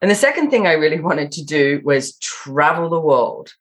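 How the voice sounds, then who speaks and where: Sex: woman. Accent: Australian. Pitch: low. Role: podcast guest calling in. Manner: lively storyteller. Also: moderate pace. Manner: lively storyteller, quotes herself often. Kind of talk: casual interview chat. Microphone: remote call-in.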